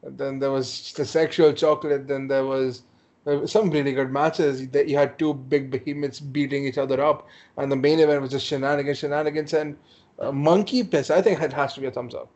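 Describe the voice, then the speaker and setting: A man's voice: mid-range voice, steady tone, a little fast, darkish tone. A man as a guest on a casual podcast, joking and sarcastic. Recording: dull lo-fi call audio.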